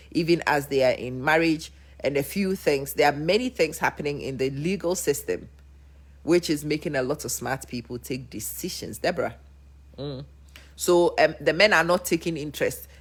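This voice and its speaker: A woman with a Ghanaian accent hosting a livestream, emphatic and preachy in her storytelling. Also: sits low. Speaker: host. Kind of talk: livestream commentary.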